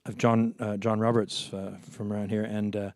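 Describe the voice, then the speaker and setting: A man's voice: on the low side, little pitch movement, normal speed, darkish tone, faint music behind. A man from Montreal, a folk singer chatting playfully between songs at a live concert, hesitant and full of fillers. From Montreal, Canada. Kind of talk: stage banter at a live concert.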